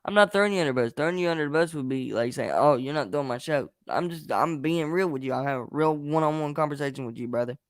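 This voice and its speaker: A man's voice: fairly high pitch, fast talker, few pauses, no room sound, clean studio sound. A young man hosting a wrestling review show, speaking frankly and with blunt emphasis as he vents and shares opinions. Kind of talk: casual chat.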